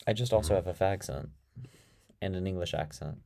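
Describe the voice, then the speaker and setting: A man's voice: low-pitched, brisk, creaky, a little mellow. A young man with an American accent, hosting a casual live stream and answering viewer comments with dry sarcasm. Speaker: live-stream debate host.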